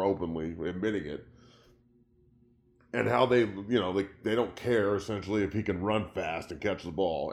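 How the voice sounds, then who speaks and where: A man's voice: fairly low pitch, a little mellow. A middle-aged man, a former pro football player, hosting a sports talk show from his studio, speaking with passion, swearing freely, his voice climbing when he gets worked up. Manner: impassioned, profane, voice rising when upset. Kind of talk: emotional sports talk monologue. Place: home studio.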